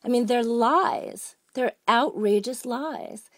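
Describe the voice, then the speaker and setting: A woman's voice: a little high, takes it slowly, no room sound, clean studio sound. A woman calling in to complain, rambling and agitated, with many restarts. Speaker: caller. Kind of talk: phone-in complaint.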